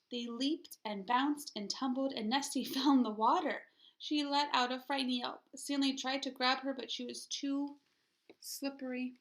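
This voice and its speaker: A woman teacher reading a children's picture book aloud with expression, pausing to ask her listeners questions. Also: sits high, a bit bright.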